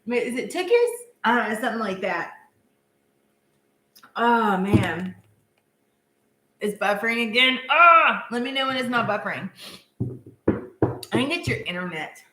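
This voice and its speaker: A woman with a bright, lively voice runs a live-stream tarot reading, chatting casually and giggling often. Her voice sits a little high and rings in an echoey room. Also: unhurried, long pauses. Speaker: tarot reader.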